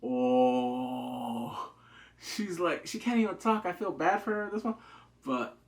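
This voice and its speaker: A man giving a casual, excitable recap of a TV drama, acting out the characters' lines in quick asides. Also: fairly high pitch, vocal fry. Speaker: TV drama reviewer.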